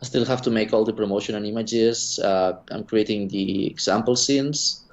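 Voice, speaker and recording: A man's voice: lowish voice, steady tone, moderate pace. Hesitant man on dull lo-fi audio. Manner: hesitant, lots of uh and um. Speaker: guest developer. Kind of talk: casual interview answers over a call.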